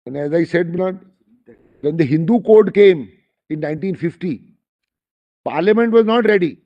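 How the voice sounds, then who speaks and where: A man's voice: high voice, lively intonation, moderate pace. A man with an Indian accent argues formally before judges, deferential and emphatic, constantly addressing the bench. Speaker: lawyer arguing before a bench. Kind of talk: formal courtroom argument. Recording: dull lo-fi courtroom recording.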